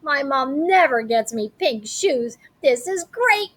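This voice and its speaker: A woman voicing a stubborn, excitable little kindergarten boy in a storybook. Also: sits high, takes it slowly, exaggerated voice. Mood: delighted.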